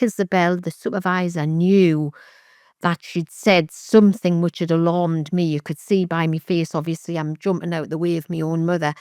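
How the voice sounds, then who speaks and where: A middle-aged woman recounts painful family memories as an interview guest, her delivery candid and halting. Her voice sits fairly low for a woman. The sound is close and dry, with no room around it. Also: fairly even intonation, a little mellow, clear, resonant tone, no room sound. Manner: candid, halting, with vivid re-enactments of remembered speech. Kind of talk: emotional personal testimony.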